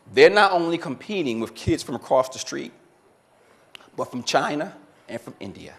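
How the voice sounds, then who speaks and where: A man's voice: mid-range voice, fairly bright tone. A man giving a motivational seminar talk as keynote speaker, quizzing the audience and repeating their answers back to them. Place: conference room with a live audience.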